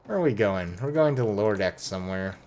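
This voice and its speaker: A man's voice: on the low side, animated, fast, a little mellow, soft background music. Laid-back man swearing through gameplay. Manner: laid-back, profane asides. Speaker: game streamer. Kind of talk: casual gameplay commentary.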